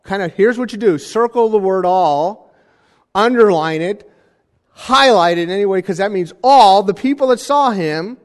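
A man preaching a sermon in a conversational style, with jokey asides and animated emphasis. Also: high-pitched, moderate pace, big-room sound. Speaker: pastor.

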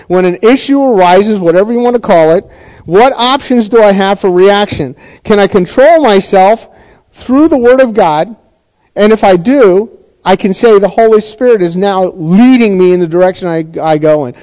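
A middle-aged man preaching a conversational sermon, halting and restarting, with touches of dry sarcasm. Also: high-pitched, mellow. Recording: dull lo-fi recording.

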